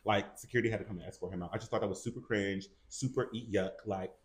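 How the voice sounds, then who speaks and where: A man's voice: on the low side, steady tone, fast. A man co-hosting a casual gossip show, talking animatedly and acting out what people said in raised voices. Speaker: co-host. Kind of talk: casual celebrity gossip chat.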